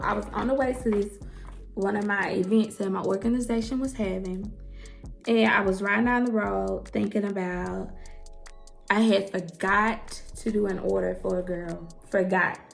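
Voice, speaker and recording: A young hairstylist and entrepreneur tells her story to the camera bluntly and emphatically, swearing freely and calling listeners "girl" and "y'all." Her mid-range voice is a bit bright with vocal fry, at normal speed and fairly even intonation, over soft background music.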